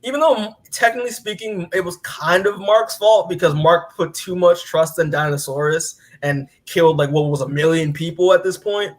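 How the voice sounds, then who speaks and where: A man's voice: sits high, normal speed, hardly any pauses. A man casually recapping a comic book as a podcast co-host, rambling with lots of filler words and casual swearing.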